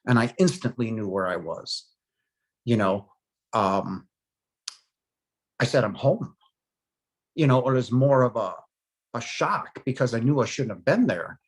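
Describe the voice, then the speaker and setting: A man in his forties giving a personal testimony, earnest and halting, with frequent pauses and fillers, his voice softening into hushed moments. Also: mid-range voice, expressive. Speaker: near-death experience survivor.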